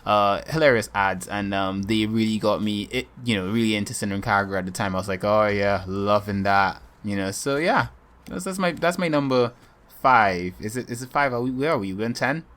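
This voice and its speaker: A man co-hosting a podcast in casual chat, talking in a rambling, halting way with lots of ums and restarts. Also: on the low side, expressive, fairly bright tone. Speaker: podcast co-host.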